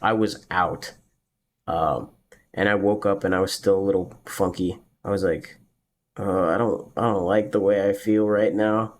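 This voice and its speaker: A young man with a fairly low voice tells a long personal anecdote, loose and rambling. He fills the gaps with ums and likes, and he sometimes laughs at his own story. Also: fairly even intonation, unhurried. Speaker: podcast host. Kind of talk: casual storytelling.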